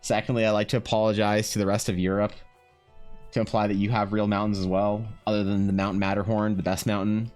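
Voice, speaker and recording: A man's voice: fairly low pitch, little pitch movement, fast, darkish tone, smooth, soft background music. A man, chatting on a livestream in a joking, slangy way, swearing and laughing. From Canada. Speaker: art streamer. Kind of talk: casual livestream chat.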